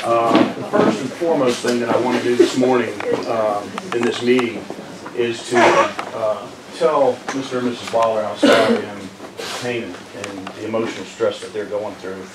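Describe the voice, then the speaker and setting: A man speaking as county manager at a public meeting, measured and apologetic with frequent fillers. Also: fairly low pitch, steady tone. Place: community meeting room. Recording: echoey room from far off, noisy.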